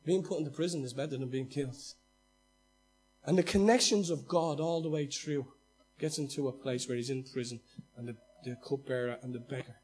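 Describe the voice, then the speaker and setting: A man, a pastor, preaching a sermon in an animated way, acting out quoted lines and swinging between loud and hushed delivery. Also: mid-range voice, brisk, slightly rough, faint music behind.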